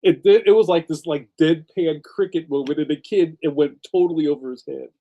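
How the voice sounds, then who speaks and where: A man's voice: fairly high pitch, a little fast, warm tone, lo-fi sound. A man hosting a casual livestream, a cartoonist telling rambling stories full of slang, laughing often and reading out viewer comments.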